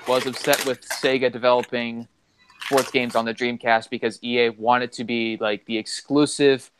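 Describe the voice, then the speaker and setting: A man's voice: medium pitch, fairly bright tone, a little hiss or hum, low-quality recording. A man co-hosting a casual gaming chat, rambling through game trivia with lots of fillers. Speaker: co-host.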